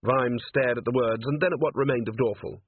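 A man narrating an audiobook in an expressive storytelling manner. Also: mid-range voice, brisk, husky, no room sound. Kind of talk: scripted narration. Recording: tinny phone-like, dry.

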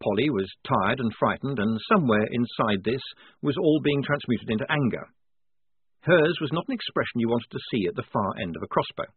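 Male audiobook narrator, wry, lively pitch, dry close sound, narrow lo-fi band. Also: brisk, slightly rough, dry recording. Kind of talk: scripted narration.

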